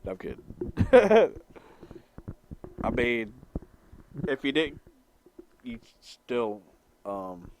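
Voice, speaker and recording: A man's voice: medium pitch, slow, pauses often, a little hiss or hum. A young man rambling and stammering as he answers chat on a live stream, swearing freely and laughing at his own jokes. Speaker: livestreamer reading chat.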